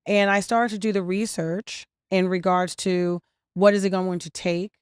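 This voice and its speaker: A woman who founded a restaurant tells her story in an interview, in a clear, smooth voice recorded close and dry. She is animated, acts out the people she quotes and fills pauses with "um". She talks at a middle pitch. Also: no echo. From New York and New Jersey area. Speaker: restaurant owner and founder, guest.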